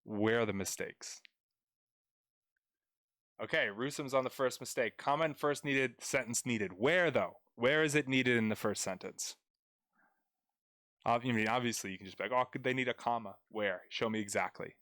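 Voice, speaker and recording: A man's voice: mid-range voice, normal speed, long pauses, fairly bright tone, dry recording, studio quality. A young man tutoring grammar on a live stream, chatting playfully with viewers as he goes over a paragraph. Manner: chatty, playful, addresses chat viewers directly.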